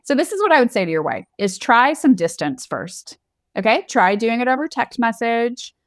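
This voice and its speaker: A woman's voice: a little high, sing-song, moderate pace, no echo, studio quality. A woman co-hosting a podcast in casual chat, candid and playful, often laughing. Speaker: podcast co-host.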